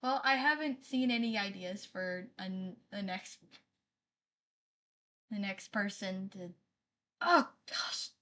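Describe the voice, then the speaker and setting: A woman's voice: mid-range voice, slow, pauses often, bright, forceful tone. A woman live-streaming, chatting casually with her viewers, apologizing often and reading their messages aloud.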